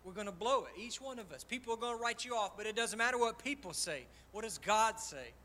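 Man, pastor, high bright voice, passionate sermon delivery in a church. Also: lively intonation, fast talker. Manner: impassioned, personal testimony, swings loud and soft. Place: church sanctuary.

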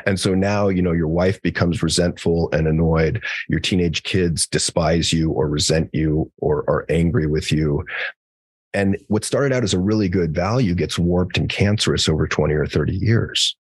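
A man's voice: sits low, moderate pace, husky. A man, a psychologist guest on a podcast, telling stories in a casual conversational way, acting out quoted dialogue and swearing now and then. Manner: frequent fillers and restarts, casual swearing.

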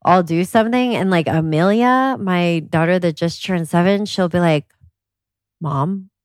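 A woman talking as a podcast guest, a lively storyteller who fills her talk with "like". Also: lowish voice, moderate pace, clean tone, dry recording. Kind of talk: casual interview chat.

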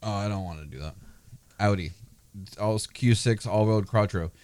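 A man's voice: fairly low pitch, moderate pace, darkish tone, no echo. A man co-hosting a car podcast, reviewing vehicles in a playful, rambling, joking way. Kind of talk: casual joking chat.

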